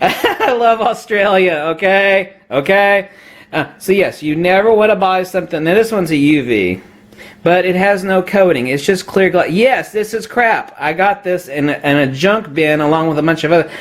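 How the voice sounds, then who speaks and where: A man's voice: on the high side, expressive, normal speed. A man ranting about camera gear to the camera, lecturing emphatically, laughing at his own jokes and putting on a mock Australian accent. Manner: puts on a mock Australian accent, says mate a lot. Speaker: photography vlogger. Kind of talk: opinionated gear rant to camera.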